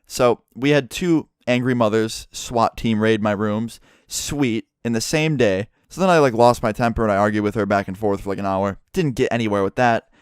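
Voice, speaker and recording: This young YouTuber's voice sits on the low side as he tells his viewers a casual, rambling story at a moderate pace with hardly any pauses, cursing frequently and leaning heavily on "like." The sound is clean, echo-free, and studio quality.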